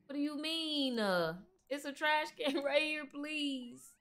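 Slow, chatty woman streaming a game. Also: high-pitched, lively intonation, a bit bright. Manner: chatty, talks to her game characters. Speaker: gaming livestreamer. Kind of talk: casual livestream commentary.

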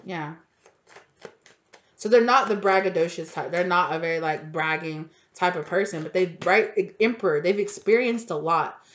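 A woman giving a casual tarot reading, chatty and animated, full of fillers and incredulous questions. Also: on the low side, moderate pace, dull audio. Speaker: tarot reader.

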